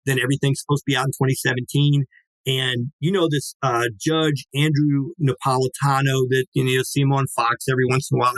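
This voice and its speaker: A man in his sixties, appearing as a guest, tells a casual anecdote in a lively way, acting out quoted dialogue and swearing casually. His voice is mid-range, and the recording is low quality with no echo.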